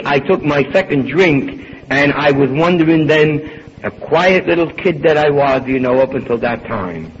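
An older man tells his own story with a slightly high voice, swinging between loud and hushed as he plays out old conversations. The recording is dull and lo-fi, with a faint hiss underneath. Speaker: speaker at a recovery meeting. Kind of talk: personal storytelling talk.

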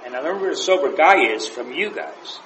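A man with a somewhat high voice tells casual anecdotes at a group meeting, chuckling as he goes. He is heard in an echoey room. A faint background hiss sits under him. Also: expressive, fairly quick, fairly bright tone. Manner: anecdotal, chuckles through his stories. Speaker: meeting member sharing. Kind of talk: casual storytelling share.

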